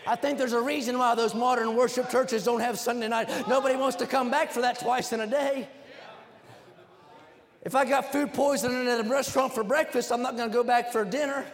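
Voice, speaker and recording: A man preaching a sermon, building to shouted rhythmic exhortations in a large church sanctuary. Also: extremely high pitch, steady tone, fairly quick. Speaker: pastor. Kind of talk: fiery sermon. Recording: long hall reverb.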